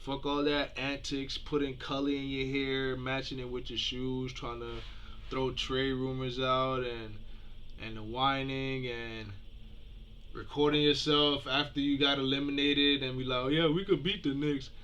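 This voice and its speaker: A young man from South Florida reacting to a clip in casual, profane commentary, jumping between shouting and mumbling. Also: medium pitch, little pitch movement, a little slow, muffled recording, slight background noise. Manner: hyped, profane, swings from yelling to muttering. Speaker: reaction video host.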